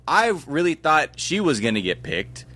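A man's voice: fairly high pitch, sing-song, normal speed, pushed and bright. A man chatting casually as a podcast guest, loose and joking, with lots of fillers. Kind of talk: casual chat.

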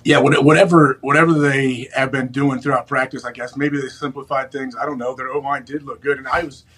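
A man's voice: medium pitch, steady tone, brisk, fairly bright tone, husky, poor audio. A man who is a former player and show regular, telling stories in laid-back sports chat. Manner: laid-back storytelling with fillers. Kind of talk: casual sports talk.

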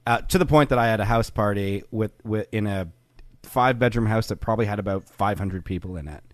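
Lower-voiced man chatting casually. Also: brisk, no echo. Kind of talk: casual comedic chat.

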